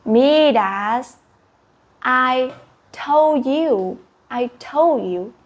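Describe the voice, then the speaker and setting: Casting: woman doing a stern god, scolding, measured and slow. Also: expressive, heavily acted. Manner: scolding, lower and softer.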